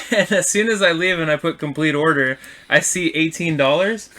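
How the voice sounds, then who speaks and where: A young man co-hosting a podcast, telling a story in a loose, animated way, swearing and acting out what people said. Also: a little high, normal speed. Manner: animated, swearing, acts out quotes. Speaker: podcast co-host. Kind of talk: casual storytelling chat.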